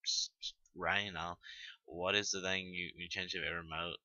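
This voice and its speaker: A teenage man with a Tennessee Southern accent talks in a low, flat voice that stays on one pitch. He stumbles, trails off and swears offhand as he reads through a list of questions. His voice has a bright, hard edge, and the dull, dry lo-fi home mic adds no room sound. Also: moderate pace, no room sound. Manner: mumbling, hesitant, trails off, casual swearing. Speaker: vlogger reading an accent tag. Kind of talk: casual unscripted chat.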